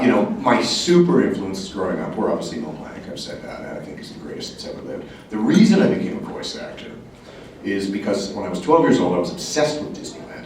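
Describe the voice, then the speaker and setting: A man, a voice actor, speaking at a convention panel and jumping into quick voices and asides. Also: lowish voice, a little hiss or hum. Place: large convention hall. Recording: echoey hall, mic heard from a distance.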